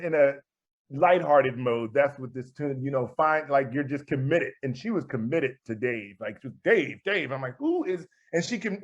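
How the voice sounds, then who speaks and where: A man of mid pitch, a jazz composer, spins a story in a relaxed interview, acting out the voices he quotes and laughing often. The podcast audio is a little muffled and lo-fi. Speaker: guest jazz musician and composer.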